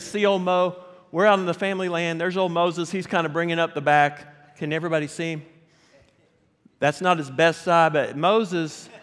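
A man preaches in a church sanctuary, his voice sitting a little high. He tells stories with animated energy and keeps asking the congregation to respond. The sound carries a long reverb from the hall. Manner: animated, addresses the congregation directly. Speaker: pastor. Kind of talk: storytelling sermon.

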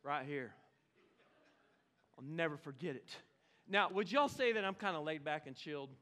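A man from Oklahoma, preaching a lively, storytelling sermon with sudden bursts of shouting. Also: on the high side, moderate pace. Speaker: pastor.

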